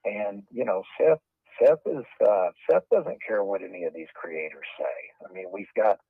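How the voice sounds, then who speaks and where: Man, lowish voice, measured and repetitive delivery, tinny phone-quality playback. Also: vocal fry, husky, dry recording. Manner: steady, repeats phrases, many "you know" fillers. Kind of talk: measured explanatory statement.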